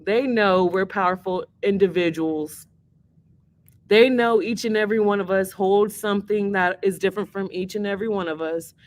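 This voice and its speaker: A woman hosts a casual livestream chat and takes song requests, her mid-range voice steady and at normal speed. Emotional and teary-eyed, she talks in a rambling, earnest way and swears freely.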